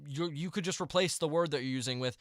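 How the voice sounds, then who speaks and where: A man's voice: a little high, fast talker, a bit bright, no room sound, clean studio sound. A young man ranting to camera in a vlog, exasperated and rambling, with restarts and mumbled asides. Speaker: vlogger.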